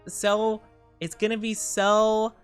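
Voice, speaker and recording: A woman's voice: mid-range voice, level tone, takes it slowly, smooth, faint music behind. A tired woman streamer rambling and giggling in casual chat, greeting viewers as she goes.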